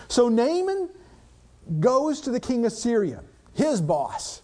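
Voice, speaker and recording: A man's voice: very high-pitched, sing-song, a little slow, dark tone. A man preaching a sermon, reading scripture aloud and breaking into dramatic plain-spoken commentary with rhetorical questions.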